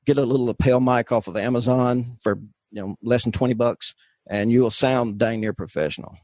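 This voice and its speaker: A man's voice: mid-range voice, fairly quick, darkish tone, dry recording. A man with an Arkansas accent chatting as a podcast guest in a folksy, rambling way, on a desk mic. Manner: folksy, rambling, many restarts. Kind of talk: casual group chat. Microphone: desk microphone.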